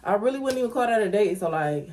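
A young woman talks to her viewers in a casual vlog, her voice sitting at an ordinary middle pitch. She speaks, chatty and animated as she addresses the camera. She is recorded indoors at home by a camera on a stand. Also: fast, noisy background. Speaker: vlogger.

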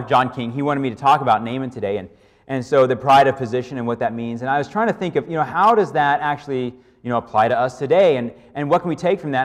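A man preaching a conversational sermon, often checking in with his listeners by asking "okay?". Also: medium pitch. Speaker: pastor. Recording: long hall reverb.

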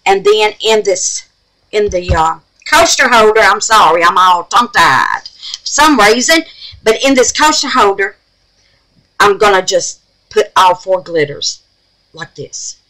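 A woman's voice: mid-range voice, expressive, slow, pauses often, pushed and bright, rough recording. A woman with a Southern US accent hosting a resin craft tutorial at home, folksy and chatty, calling viewers babies and honey as she works. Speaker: resin craft channel host.

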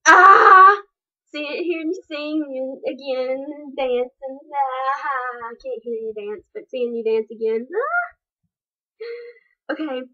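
A high-pitched young woman gushes over a music video in casual chat, giggling and squealing between slow, drawn-out thoughts. The sound is dull and lo-fi, like a cheap webcam mic. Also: steady tone. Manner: gushing, giggly, bursts into squeals. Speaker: vlogger reacting to a music video.

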